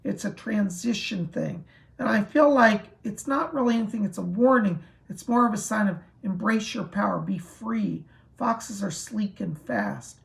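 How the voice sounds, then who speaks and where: A man giving live psychic readings to viewers, hoarse as his voice gives out, relaying spirit messages in a reassuring way. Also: high-pitched, moderate pace. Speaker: psychic medium.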